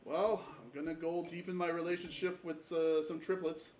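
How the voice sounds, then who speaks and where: A man's voice: fairly high pitch, little pitch movement, normal speed, darkish tone. A man streaming a game with a friend, chatting casually, rambling with many fillers and swearing freely. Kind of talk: casual gaming chat. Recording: roomy echo, distant mic, faint background noise.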